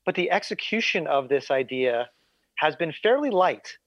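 A man's voice: on the high side, sing-song, moderate pace, fairly bright tone, no room sound. Man podcast host on a dull lo-fi mic. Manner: rambling, repeats words, many fillers. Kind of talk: casual podcast chat.

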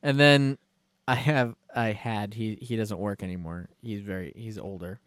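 A man's voice: on the low side, fairly even intonation, moderate pace, fairly bright tone, no echo, clean studio sound. A man co-hosting a podcast in loose, jokey casual chat, who often slips into impressions of other people. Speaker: podcast co-host.

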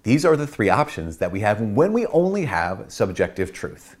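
A man with a fairly low voice teaches in a relaxed, chatty way, his pitch swinging widely as he gets animated. He repeats key points, laughs at himself, and slips into playful voices when quoting people. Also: normal speed. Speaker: priest and channel host. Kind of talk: casual teaching talk.

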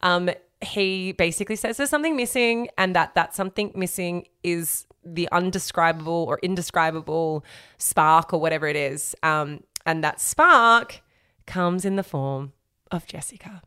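A woman's voice: on the low side, normal speed, clean tone, no room sound, studio quality. A woman, co-hosting a casual podcast and recapping a reality show, acting out scenes with voices. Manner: animated, acts out scenes with voices. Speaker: podcast co-host.

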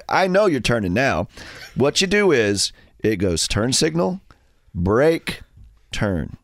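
A man's voice: medium pitch, no echo. A man hosting a radio show in a studio, telling stories in a casual chat and acting out voices. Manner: animated storyteller, acts out voices. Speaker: radio host.

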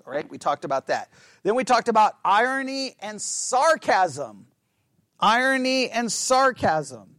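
A man's voice: high-pitched, a bit bright, no room sound, studio quality. A man teaching a Bible study class in a conversational, playful way, acting out sarcastic remarks and often checking "right?" with his listeners.

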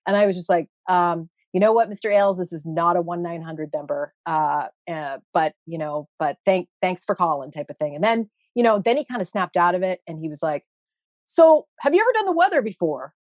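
A woman's voice: on the low side, a little fast, few pauses, no echo, clean studio sound. A woman guest, originally from Canada, telling a story in a casual interview and acting out the people she quotes. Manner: animated, acts out quoted voices, many fillers.

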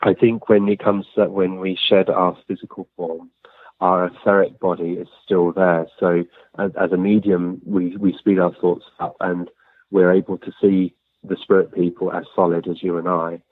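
A low, husky male voice, telling stories in a lively, chatty way. He comes through a dry, tinny line that sounds like a phone call. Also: normal speed. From Sussex, England. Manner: chatty, animated storyteller with frequent self-corrections. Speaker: medium being interviewed. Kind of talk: conversational interview answers.

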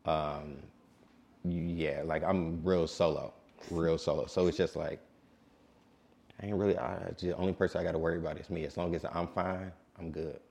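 Man, late twenties, very low voice, calm laid-back DJ guest. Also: moderate pace, gravelly. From Detroit. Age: late 20s. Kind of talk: casual interview.

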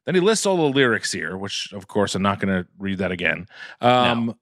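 A man's voice: fairly low pitch, lively intonation, normal speed, fairly bright tone, no room sound, studio quality. A man co-hosting a podcast, joking around and reading listener mail in a casual chat. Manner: jokey, reads listener mail aloud. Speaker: podcast co-host.

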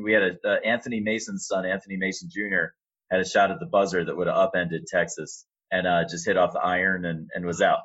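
A middle-aged man, an arena announcer, telling a relaxed story with fillers in a casual interview. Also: sits low, dull audio. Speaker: arena announcer and sports media relations staffer.

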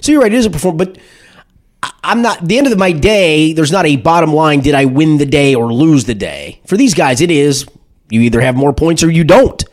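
Animated dude ranting about sports on a podcast, kinda high voice, swoops around a lot. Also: male voice, brisk. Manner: animated, repetitive restarts, acts out shouted booing. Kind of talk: casual sports talk.

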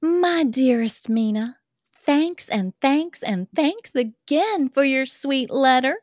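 A woman's voice: high voice, animated, takes it slowly, a little mellow, no room sound, clean studio sound. A woman reading aloud as a gushing young woman writing love letters, in a put-on Southern accent with a dramatic, breathless delivery. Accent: American Southern, put on.

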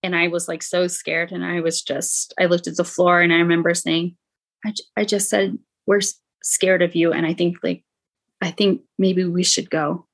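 A young adult woman, a podcast guest, telling her own painful story in a halting way, with many "like" fillers. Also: fairly low pitch, flat delivery. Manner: halting, frequent "like" fillers, quotes others in raised voice. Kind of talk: emotional personal storytelling.

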